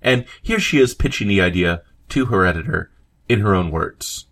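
A man's voice: sits low, expressive, normal speed, fairly bright tone. A man hosting a podcast, narrating a history episode in a conversational way, with asides and fillers. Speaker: podcast host. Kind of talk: scripted history narration with read quotes.

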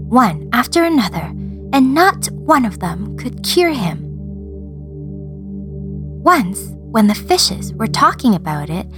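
A woman reading a children's story aloud in an expressive, sing-song storyteller manner. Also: a little high.

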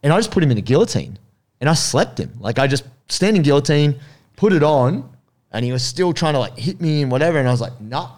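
A man's voice: on the high side, fast talker. A man with an Australian accent, casually telling a story and acting out the voices in it. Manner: animated, acts out voices in anecdotes.

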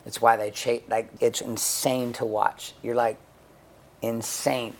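Give me a gravelly, blunt middle-aged man telling stories in an interview. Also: mid-range voice, little pitch movement, slow, a little hiss or hum. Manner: blunt, profane, storytelling with acted quotes. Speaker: guest, men's coach and author. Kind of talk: candid conversational interview.

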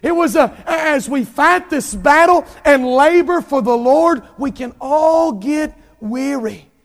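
A pastor preaching an impassioned sermon, drawing out emphatic lines and rising to shouts. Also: male voice, very high voice, takes it slowly, big-room sound.

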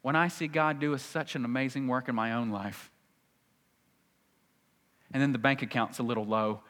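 A man preaching a sermon in church, reading scripture aloud and acting out the people in it with lively energy. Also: medium pitch, normal speed. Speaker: pastor. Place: church sanctuary. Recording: long reverb of a large hall.

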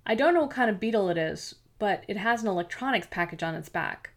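A woman's voice: mid-range voice, animated, quick pace. A woman voicing a guarded young woman investigator in an audiobook, speaking tersely and warily.

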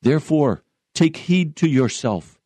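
A man's voice: fairly high pitch, lively intonation, unhurried, warm tone, no room sound, pitched above the performer's own voice. A man voicing a steadfast male pilgrim who firmly warns his enemy, read aloud from a storybook. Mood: warning.

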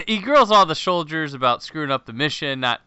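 Man, podcast host, casual plot recap, bright crisp voice, wry asides, muffled dry recording. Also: on the high side, expressive, moderate pace, dry recording.

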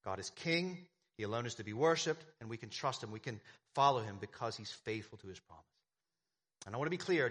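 A man's voice: mid-range voice, a bit bright. Emphatic preacher man. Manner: emphatic preaching with repetition and rhetorical questions. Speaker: pastor. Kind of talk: sermon.

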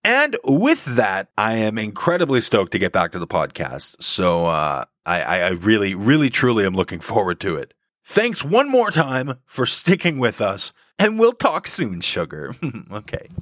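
A man's voice: fairly low pitch, no room sound, studio quality. A man hosting a podcast, giving a scripted update in a put-on radio announcer voice and stretching out the key words. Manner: lively, drawn-out emphasis on key words. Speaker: podcast host.

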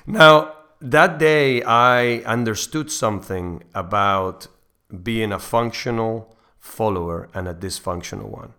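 A man's voice: on the low side, steady tone, moderate pace, creaky, bright, forceful tone, smooth. A middle-aged man hosting a faith podcast, earnestly telling a personal story in a rambling way, with frequent restarts. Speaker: podcast host.

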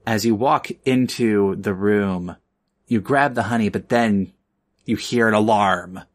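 A woman narrating as game master of a tabletop game, halting with many fillers. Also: rumbling low.

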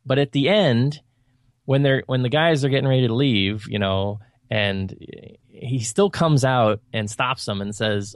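A man co-hosting a podcast, talking about films in a relaxed, conversational way, often saying "you know". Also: medium pitch, measured pace, dry recording, studio quality. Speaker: podcast co-host. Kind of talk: casual film discussion.

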